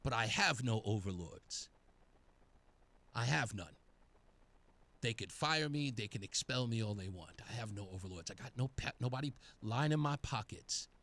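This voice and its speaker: Male radio host, bright, lively pitch, taunting and sarcastic monologue. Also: normal speed. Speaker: radio talk show host.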